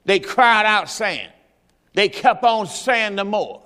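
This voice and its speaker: A pastor preaching a sermon in a church, urging the congregation on and rising into shouts. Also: male voice, sits high, expressive, slow pace. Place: church sanctuary. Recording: hall reverb in a church.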